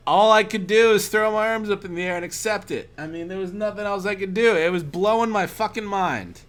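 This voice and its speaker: A man's voice: sits high, fairly quick, fairly bright tone. A man streaming while drinking, telling a rambling, profane anecdote in a casual way. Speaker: art streamer. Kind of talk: casual storytelling on a livestream.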